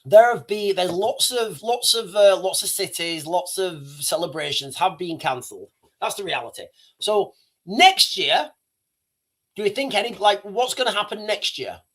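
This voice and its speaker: A man with a notably high voice hosts a casual livestream. He rambles, circling back and restarting sentences, with plenty of fillers along the way. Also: expressive, normal speed, fairly bright tone. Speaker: livestream host.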